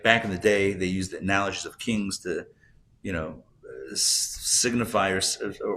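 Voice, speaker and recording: A man, a rabbi, teaching a live class and telling jokes, talking in a conversational way, asking the audience questions and getting loud and animated when he makes a point. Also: lowish voice. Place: classroom or synagogue hall, recorded live.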